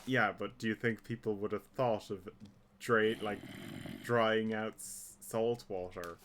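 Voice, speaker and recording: An Irish man streaming a game, talking in a rambling, halting way with many fillers and restarts. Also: on the low side, fairly even intonation. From Ireland. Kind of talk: casual chat while gaming. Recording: loud background noise.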